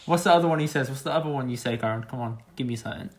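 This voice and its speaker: A man co-hosting a podcast, joking playfully and laughing easily in casual chat. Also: medium pitch. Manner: jokey, playful, quick to laugh. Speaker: podcast co-host.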